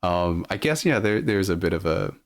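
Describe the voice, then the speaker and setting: A man with a deep, low-pitched voice, talking casually on a live stream. He reads viewer messages aloud and answers them loosely, with plenty of ums and restarts. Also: lively intonation, moderate pace. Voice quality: low speaking voice.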